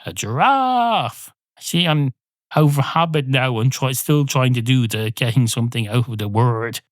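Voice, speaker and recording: A man's voice: medium pitch, flat delivery, normal speed, dry recording, studio quality. A man hosting a podcast, rambling through a playful comic monologue, often cutting himself off and swearing freely. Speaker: podcast host.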